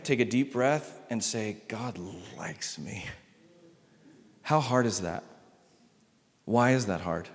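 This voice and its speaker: A male pastor preaching a sermon, swinging between loud emphatic lines and soft hushed ones. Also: on the high side, long reverb tail.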